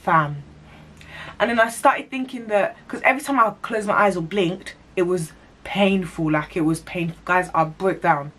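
Slangy woman telling a story. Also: mid-range voice. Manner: animated, slangy, self-mocking. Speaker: vlogger. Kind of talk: storytime monologue.

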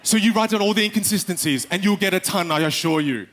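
Animated man speaking on a stage. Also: high-pitched, quick pace. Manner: animated, acts out quotes, addresses the audience directly. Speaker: speaker giving a stage talk. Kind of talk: live stage talk. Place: stage in a large hall with a live audience.

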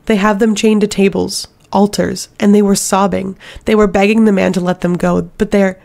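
A woman's voice: medium pitch, level tone, gravelly, a little mellow, natural voice. A woman voicing a shaken young servant girl. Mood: horrified. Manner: halting, shaken, breaking into sobs. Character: young frightened servant girl, fiery temper.

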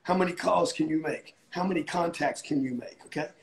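A middle-aged man giving a brash, profane motivational talk on a livestream, repeating himself and yelling points home. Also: fairly high pitch, a little fast, vocal fry. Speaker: motivational speaker.

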